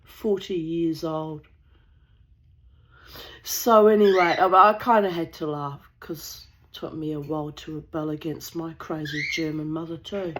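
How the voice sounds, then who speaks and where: A woman's voice: low-pitched, fairly even intonation, moderate pace, hardly any pauses, fairly bright tone, rough recording. A woman from New Zealand telling a casual, rambling anecdote, blunt and sweary, with the odd cough.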